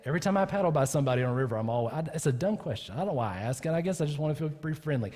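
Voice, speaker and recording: A man preaching from the pulpit, telling his story with animated energy and slipping into the voices of the people he quotes. His voice sits a little high for a man. A long church reverb trails behind every phrase. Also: racing. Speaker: pastor. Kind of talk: sermon.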